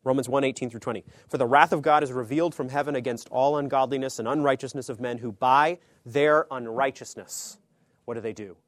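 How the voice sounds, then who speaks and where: Man preaching with sudden hushed drops. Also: steady tone, brisk, no echo. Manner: swings between emphatic loud phrases and hushed low asides; conversational, checks in with "okay?". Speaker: pastor or Bible teacher. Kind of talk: sermon teaching.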